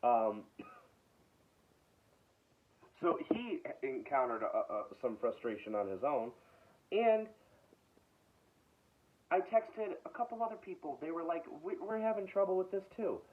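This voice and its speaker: A man's voice: a little high, expressive, a little slow, pauses often. A man hosting his own video, telling a frustrated story in a casual rant, stumbling and repeating himself. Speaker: video host. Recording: tinny phone-like sound.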